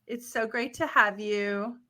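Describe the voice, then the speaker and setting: A woman's voice: on the high side, steady tone, takes it slowly, pushed and bright. A woman hosting a travel podcast interview, upbeat and chatty, laughing easily. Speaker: podcast host.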